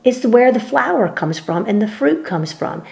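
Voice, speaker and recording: A woman with a fairly high, creaky, darkish voice speaks very animatedly at a moderate pace. Sharing faith teaching in conversation, she preaches fervently and emphatically, repeating her words as she builds toward peaks.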